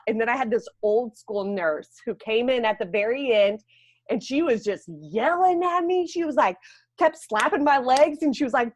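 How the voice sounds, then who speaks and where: Lively high-voiced young woman, dry sound. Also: moderate pace, dry recording. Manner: lively storyteller, mimics people in high voices. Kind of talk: casual storytelling.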